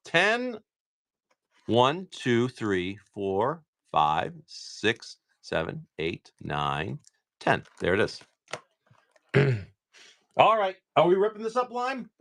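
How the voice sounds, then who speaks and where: A man's voice: mid-range voice, huge pitch swings, extremely slow, pauses often, a bit bright. A man hosting a live stream, opening card packs and upbeat as he thanks viewers by name.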